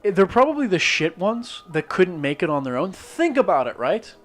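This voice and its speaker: A Northern Irish man with a muted accent streams while drawing, his high-pitched, very animated voice moving at normal speed with a slightly bright tone. He rambles through a skeptical, swear-heavy rant full of restarts, casual chat over soft background music.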